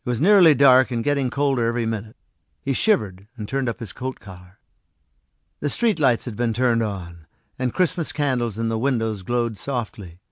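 A man calmly narrating a story aloud. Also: mid-range voice, moderate pace, no echo, clean studio sound. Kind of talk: storybook reading.

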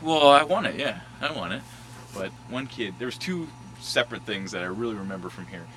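Bright-voiced man reminiscing outdoors. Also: on the low side, fairly quick, slight background noise, rough recording. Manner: animated, acts out quotes and sound effects, laughs often. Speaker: storyteller revisiting his old school. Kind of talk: casual reminiscing. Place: outdoors at a schoolyard.

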